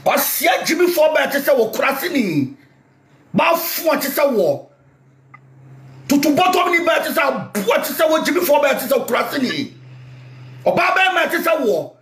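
A Ghanaian man rants like a preacher in a very high voice that swings widely up and down. He shouts often and talks with fierce force. The recording is echoey with a faint hiss behind him. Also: sing-song, normal speed. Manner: loud, shouting, fiery. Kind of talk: fiery spoken rant. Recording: echoey room, faint noise.

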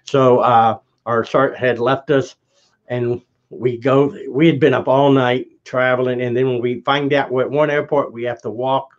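A man's voice: medium pitch, level tone, moderate pace. Man telling a rambling story. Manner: rambling anecdote with restarts and acted quotes. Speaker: guest. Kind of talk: casual storytelling. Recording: dull lo-fi audio.

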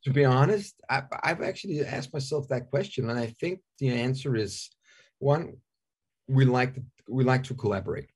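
A man's voice: mid-range voice, moderate pace, a little mellow, breathy edge. A man in his forties from Denmark with a Danish accent, chatting candidly as an interview guest, joking and often repeating himself. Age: 40s. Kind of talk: casual interview chat.

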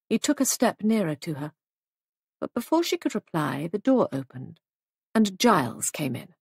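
A woman narrating a mystery audiobook in a measured storytelling manner, recorded close to the mic. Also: on the low side, very animated, vocal fry, darkish tone, husky, dry recording.

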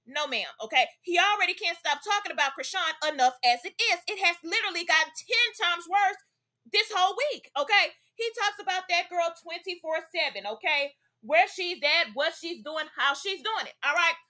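A woman's voice: high voice, sharp tone. A young woman hosting a celebrity gossip vlog, talking in a sassy, emphatic way and tagging her points with "okay?". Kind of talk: chatty gossip commentary.

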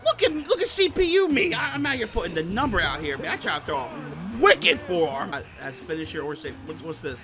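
Excitable man yelling over wrestling gameplay. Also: a little high, a little fast, hardly any pauses, music in the background. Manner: excitable, profane, trash-talking, bursts into shouts. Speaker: gaming YouTuber. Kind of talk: live gameplay commentary.

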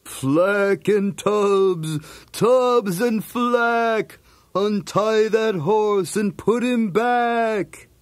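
A man voicing a male dog who fakes a ghost, speaking in a slow, drawn-out, eerie way. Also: high-pitched, no room sound. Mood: spooky.

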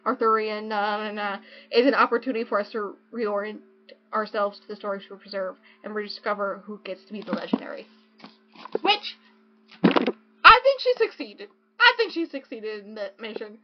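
A young woman hosts a casual podcast, speaking a little fast in a mid-range voice as she gushes excitedly about a book, swinging between reading passages aloud and joking. Faint music plays behind her, and the lo-fi podcast audio sounds dull.

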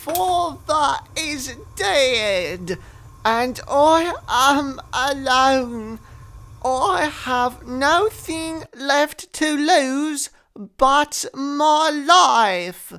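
A man voicing an earnest, melodramatic young hero son in an animated parody. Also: very high voice, extremely slow, heavily acted. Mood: grim. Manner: melodramatic, emotional.

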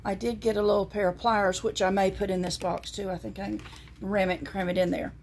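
In a casual show-and-tell vlog, a Southern American woman shows her viewers various things and reads scripture aloud, all in a homespun, chatty way. She speaks fairly quickly in a level, mid-range voice that's a little mellow. Slight background noise is present.

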